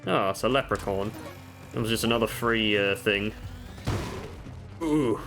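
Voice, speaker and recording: Gaming creator, male, deeper voice, easygoing commentary with self-deprecating asides over quiet game music. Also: a little slow. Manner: chatty, explains game tips with offhand self-mocking jokes. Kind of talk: casual gameplay commentary. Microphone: desk microphone.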